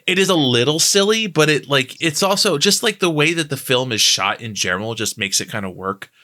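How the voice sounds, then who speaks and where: Bright-voiced rambling male podcast host. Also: a little high, animated, a little fast. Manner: rambling with many fillers, laughs and swears. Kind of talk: casual podcast chat about a film.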